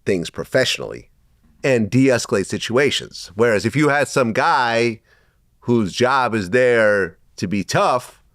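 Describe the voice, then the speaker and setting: A man hosting an interview, who mostly reacts briefly and then gives measured comments. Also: medium pitch, big pitch swings, a bit bright, no echo, studio quality. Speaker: interview host.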